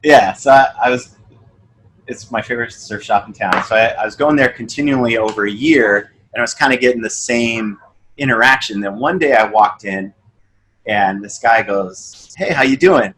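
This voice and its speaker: A man's voice: normal speed, a little hiss or hum, low-quality recording. A young man guest on a podcast, casually telling stories and acting out the dialogue in them. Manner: storytelling, acts out dialogue with lively pitch jumps. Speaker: podcast guest, sales coach. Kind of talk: casual conversation.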